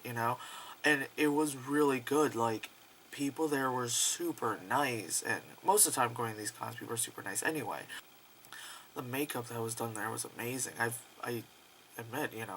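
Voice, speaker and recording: Rambling, excitable young-sounding man vlogging. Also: medium pitch, slight background noise, low-quality recording. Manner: rambling, heavy on fillers and swearing. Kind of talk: casual vlog chat.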